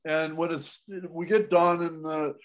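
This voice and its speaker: A man telling a long story on a podcast, animated, with quick restarts and laughs along the way. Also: on the high side. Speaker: guest storyteller.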